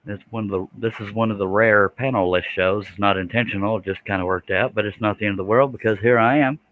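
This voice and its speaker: A man's voice: lowish voice, steady tone, quick pace, narrow, tinny audio. A man, chatting casually with viewers while he works a scroll saw on a livestream. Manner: folksy, chatty, reads out viewer comments.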